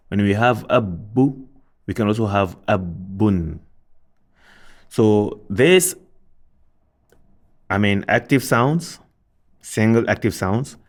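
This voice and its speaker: A man teaching the Arabic alphabet in a recorded lesson, patiently repeating sounds and asking learners questions. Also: lowish voice. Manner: asks rhetorical questions of students.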